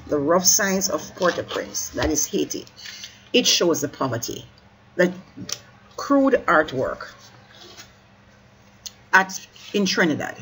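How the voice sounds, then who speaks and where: Exam-prep teacher voice, middle pitch, methodical line-by-line talk with quick "sorry" corrections, over a faint background hiss. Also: fairly bright tone, low-quality recording. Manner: stops to correct slips, apologizing mid-sentence; urges listeners to keep up. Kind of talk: explaining a poem line by line.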